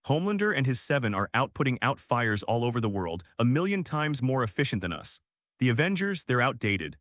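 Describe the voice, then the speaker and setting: A man's voice: mid-range voice, sing-song, fairly quick, a bit bright, dry recording, studio quality. A man reading the lines of a cocky, sarcastic billionaire inventor, in a mocking tone.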